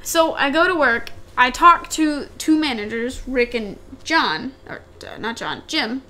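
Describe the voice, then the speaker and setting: A woman's voice: high voice, lively intonation, unhurried, sharp tone. A young woman co-hosting a podcast, telling a long story in casual chat, rambling and repeating herself as she acts out what people said. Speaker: podcast co-host.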